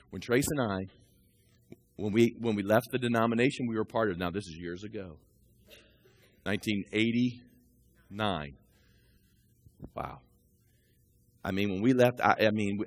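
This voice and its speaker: A man in his sixties preaching a sermon, talking through scripture and personal stories and building to loud, rising peaks. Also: medium pitch. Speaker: pastor.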